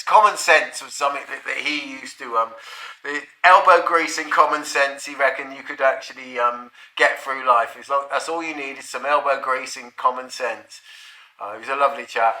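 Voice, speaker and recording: A man's voice: mid-range voice, fairly even intonation, normal speed, sharp tone. A middle-aged man, telling a personal anecdote in a rambling, profane, chuckling way. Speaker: storyteller. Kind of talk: casual anecdote. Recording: roomy echo.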